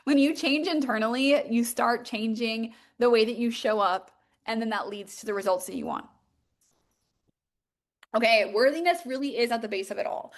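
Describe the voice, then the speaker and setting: A woman's voice: a little high, normal speed, long pauses. A young woman hosting a podcast as a mindset coach, talking in a casual, emphatic motivational monologue full of "like" and swearing. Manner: casual, emphatic, swears freely, many fillers.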